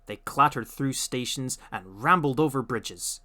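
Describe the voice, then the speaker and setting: A man narrating a storybook audiobook with expressive, animated storytelling. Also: mid-range voice, unhurried.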